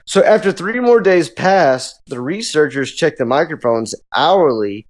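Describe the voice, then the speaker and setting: A man's voice: on the high side, lively intonation, unhurried. A man co-hosting a podcast, retelling a creepy story in casual chat, laughing often and filling gaps with "so". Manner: laughs often, rambling with many "so" fillers. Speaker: podcast co-host. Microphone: studio microphone.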